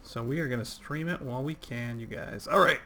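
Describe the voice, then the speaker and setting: A man's voice: medium pitch, a little fast, sharp tone, a little hiss or hum. Rambling man streaming a game. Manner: rambling and chatty, reading out chat. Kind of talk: casual livestream gameplay commentary.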